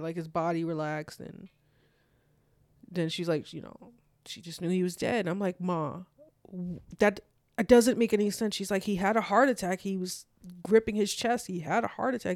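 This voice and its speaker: Young adult guest with a mid-pitched voice, telling a story in loose, filler-heavy speech, dry and close. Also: dry recording. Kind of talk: casual personal storytelling.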